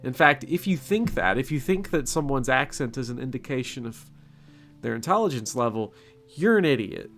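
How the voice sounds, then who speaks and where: A young Southern man from Kentucky, his accent filed down but still there, rambles through viewer questions in a loose, joking way. His voice is bright and forward, and a faint bed of music plays under him. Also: medium pitch, animated, normal speed. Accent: Kentucky Southern, softened. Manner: rambling, self-mocking, blunt. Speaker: channel host. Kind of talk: casual Q&A chat.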